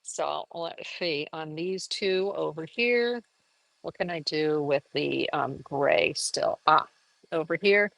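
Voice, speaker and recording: A woman's voice: slow, vocal fry, a bit bright, dry recording, low-quality recording. Chatty woman teaching painting, dry sound. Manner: chatty, upbeat, laughs often, sudden high exclamations. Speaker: art teacher. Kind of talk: casual live painting lesson.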